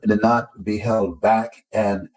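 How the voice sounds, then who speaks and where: Older man, husky voice, emphatic storytelling, acts out quoted voices. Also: lowish voice, little pitch movement, measured pace, darkish tone, rough recording. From Florida, United States. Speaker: motivational speaker. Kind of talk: interview storytelling.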